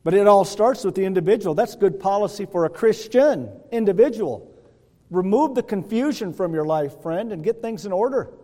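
High-voiced preacher in a reverberant hall. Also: male voice, expressive, moderate pace, mellow. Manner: folksy, asks the congregation "Hello?". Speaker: pastor. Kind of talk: sermon. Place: church sanctuary.

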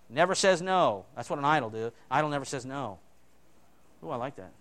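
Man preaching with animated dramatic swings. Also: a little high, fast, clear, resonant tone. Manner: animated preaching, dramatic swings between loud emphasis and quiet asides. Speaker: pastor. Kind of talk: sermon.

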